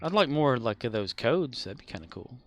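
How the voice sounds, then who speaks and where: A man's voice: mid-range voice, sing-song, normal speed, a bit bright. A man streaming a game, chatting casually and sleepily with his viewers in a laid-back drawl. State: sleepy, keeps yawning. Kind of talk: casual chat while playing.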